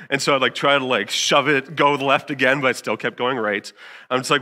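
A young man in his twenties preaches a relaxed church sermon, chatty and candid. His voice is bright and sits at a mid pitch. He fills gaps with fillers and acts out his own past lines with sudden jumps in pitch. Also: fairly quick. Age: 20s. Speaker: youth pastor. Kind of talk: casual sermon with stories.

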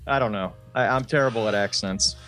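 A man's voice: fairly low pitch, fairly quick, fairly bright tone, soft background music. A man co-hosting a podcast, rambling through casual chat, swearing often and laughing a lot. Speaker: podcast co-host.

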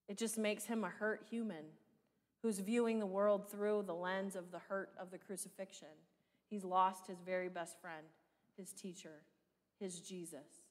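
A woman's voice: mid-range voice, fairly bright tone. A woman pastor with a Midwestern American accent, preaching a sermon in a conversational style full of rhetorical questions. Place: church sanctuary. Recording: long church reverb.

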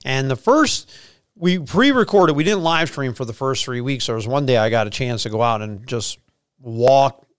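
A middle-aged man, a pastor hosting a casual faith podcast and telling stories in an energetic, chatty way. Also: mid-range voice, normal speed, clean tone, no echo, clean studio sound.

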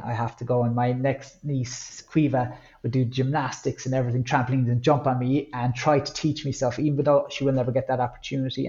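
A man's voice: medium pitch, dull audio. Irish man telling a personal story. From Ireland. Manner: candid, reflective, with lively acted-out quotes. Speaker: guest.

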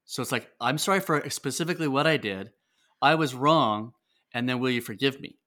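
A middle-aged man, a podcast guest, talking earnestly about parenting with halting restarts. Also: mid-range voice, animated, pushed and bright. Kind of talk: casual podcast conversation.

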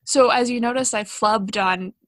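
A woman's voice: on the high side, moderate pace, dry recording. A young woman co-hosting a casual educational podcast, chatty and self-deprecating, with plenty of ums and likes. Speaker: podcast co-host.

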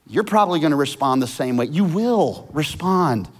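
A man's voice: on the high side, expressive, moderate pace. A man preaching a sermon as casual, vivid storytelling with slang. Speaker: pastor.

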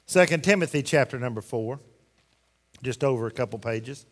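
A man's voice: medium pitch, normal speed. A man preaching a sermon in a church, folksy and emphatic, firing rhetorical questions at the congregation. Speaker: pastor. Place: church sanctuary. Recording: long hall reverb.

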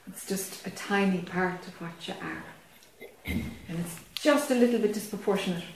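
A woman spiritual teacher speaks calmly and gently guides a student with brief affirming replies. She is recorded from across a very echoey hall, with a faint hiss underneath. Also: medium pitch, moderate pace, recorded from a distance. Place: meeting hall.

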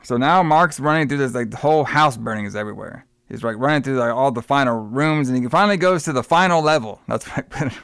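A man in an offhand podcast chat, talking at a middling pitch. He retells the story in a loose, rambling way, swears freely and slips into quick voices for the characters. His voice sounds close and dry, with no room around it. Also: gravelly, fairly bright tone, clear, resonant tone, dry recording. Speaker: podcast co-host. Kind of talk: casual film review chat.

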